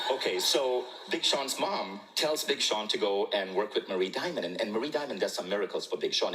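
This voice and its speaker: Middle-aged male storyteller, bright and clear, playful and animated delivery. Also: fairly low pitch, poor audio. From Malaysia. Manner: jokey, animated, laughs at own jokes. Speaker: speaker telling a personal story. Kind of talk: humorous storytelling talk.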